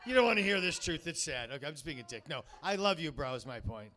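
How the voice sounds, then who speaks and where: A man working a comedy club crowd, his voice high and bright. He rambles, swears freely and pads his bits with fillers as he talks into a handheld mic. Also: big pitch swings, quick pace. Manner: rambling, crude, crowd-baiting, full of fillers. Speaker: stand-up comedian. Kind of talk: stand-up comedy set.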